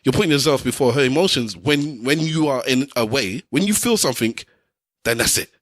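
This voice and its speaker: A man's voice: mid-range voice, animated, a little fast, dry recording, clean studio sound. A middle-aged man, arguing insistently on a podcast and hammering home his points. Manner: insistent, lecturing, repeats points. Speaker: podcast co-host. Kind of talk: heated personal argument.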